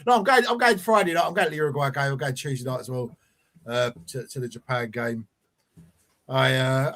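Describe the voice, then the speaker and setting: Rambling, teasing football podcast host. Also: male voice, mid-range voice, brisk, fairly bright tone. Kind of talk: casual football chat.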